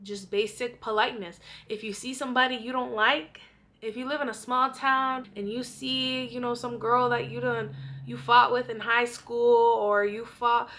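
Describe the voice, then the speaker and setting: A woman's voice: a little high, little pitch movement, normal speed, sharp tone, slight background noise. A young woman vlogger giving blunt, profane advice in a casual monologue, often out of breath.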